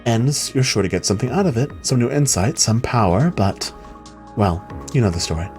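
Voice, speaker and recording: A man's voice: medium pitch, lively intonation, brisk, a little mellow, faint music behind, natural voice. A man voicing a wry, knowing woman hacker as he reads game dialogue aloud, with a dry, arch delivery.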